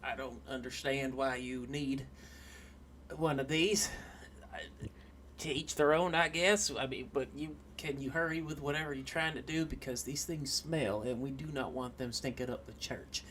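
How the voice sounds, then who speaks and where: A man's voice: mid-range voice, moderate pace, a bit bright, a little hiss or hum, close to an everyday voice. A man voicing a weary male dwarf with a thick southern accent who calls people darling. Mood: put-upon.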